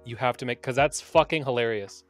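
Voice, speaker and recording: A man's voice: mid-range voice, a little fast, soft background music. A man co-hosting a podcast, chatting casually and candidly, telling a story between laughs. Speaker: podcast co-host.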